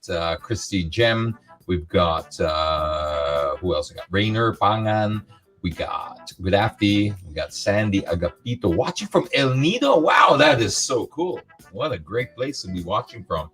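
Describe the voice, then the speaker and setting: Energetic man hosting a live stream. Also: on the low side. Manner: energetic, playful, reads out viewer names. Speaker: host.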